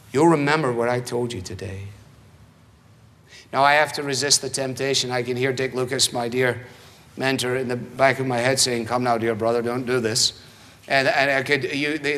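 A man preaching a sermon in a rhetorical, animated manner, acting out the voices he quotes. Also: medium pitch, big-room sound.

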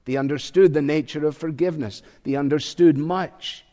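A man preaching a sermon, measured and reflective, pausing often with small fillers. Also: fairly high pitch, fairly even intonation, warm tone. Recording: long hall reverb.

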